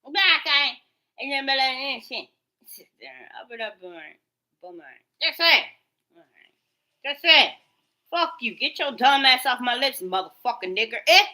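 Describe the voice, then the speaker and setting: A woman with a high, piercingly bright voice rants into her phone. She swears heavily and circles back over the same points in an agitated, repetitive way. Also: expressive, moderate pace. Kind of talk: profane ranting monologue. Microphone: phone recording herself.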